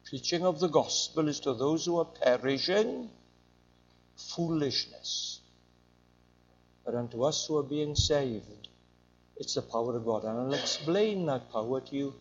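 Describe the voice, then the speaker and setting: An older man preaching a sermon in an emphatic, rising and falling way. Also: medium pitch. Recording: dull lo-fi recording.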